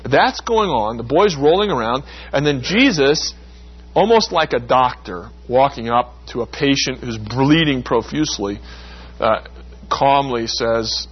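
A man preaches a sermon expounding the Bible, explaining scripture through everyday examples and acting out the quoted lines. His voice is medium-pitched and husky, delivered at a measured pace, and the recording has its highs cut off.

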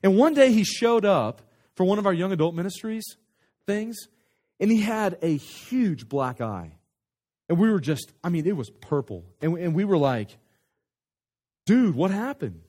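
A man telling a story in a sermon as a pastor, animated and conversational, often restarting his sentences. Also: high voice, moderate pace.

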